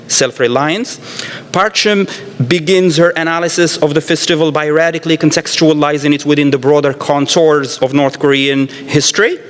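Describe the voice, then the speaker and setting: A man formally reading a speaker introduction from notes, stumbling now and then over a word. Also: fairly high pitch. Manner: formal, reads from notes with slips. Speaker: event moderator. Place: lecture hall. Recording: reverberant lecture hall.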